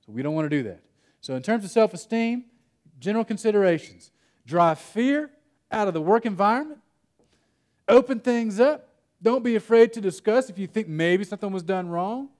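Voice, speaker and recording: A man presenting at a conference workshop in a slightly higher voice than most men. He talks casually and tells stories, often restarting his sentences. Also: animated, moderate pace, a little mellow. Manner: conversational, storytelling with self-interruptions and laughs. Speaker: workshop speaker. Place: conference room.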